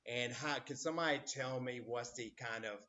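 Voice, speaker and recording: A male teacher lecturing his class, full of fillers and little acted-out quotes. His pitch sits in a middle range. The recording is dull and lo-fi, as if made in a classroom. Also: moderate pace, pushed and bright. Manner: rambling, many fillers, acts out quotes. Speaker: history teacher.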